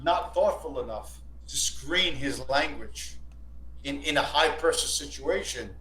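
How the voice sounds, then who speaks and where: A stream guest tells a long, rambling, profane story, often repeating and restarting himself. He has a mid-range, fairly bright voice. The casual storytelling echoes around a room with a faint hum.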